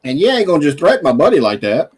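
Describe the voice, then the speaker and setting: A man's voice: fairly high pitch, very animated, racing, breathy edge. A man playing a tabletop game, speaking in character in a folksy, challenging way. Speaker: player. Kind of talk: tabletop role-play, in character.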